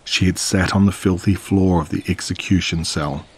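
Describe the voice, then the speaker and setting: Male horror narrator, low, husky voice, dramatic delivery. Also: steady tone, moderate pace.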